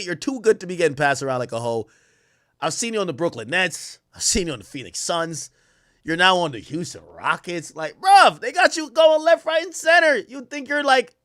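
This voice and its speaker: A young man streaming live, trash-talking basketball players in a loud, profane, excitable way, his voice jumping up and down. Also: dry recording, studio quality. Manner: loud, profane trash talk with sudden jumps in pitch and volume. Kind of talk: casual live-stream commentary reacting to chat and posts.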